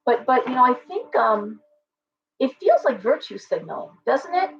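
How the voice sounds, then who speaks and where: A woman's voice: high voice, very animated, normal speed, muffled recording. Chatty middle-aged woman on a livestream. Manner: chatty, digressive, talks back to viewer comments. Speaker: shop owner hosting a livestream. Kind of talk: casual livestream chat.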